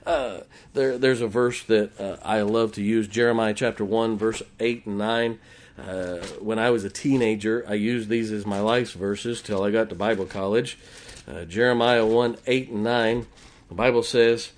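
A man's voice: medium pitch, fairly even intonation, moderate pace. A middle-aged man, preaching a sermon in church in a folksy storytelling manner. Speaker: pastor.

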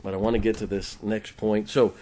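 A man's voice: lowish voice, flat delivery, brisk, warm tone. A middle-aged man, preaching a sermon in church in a folksy storytelling manner. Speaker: pastor.

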